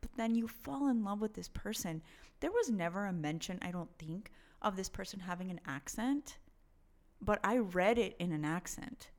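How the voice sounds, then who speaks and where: A woman's voice: mid-range voice, animated, moderate pace. A woman co-hosting a casual book chat, talking enthusiastically in a rambling way.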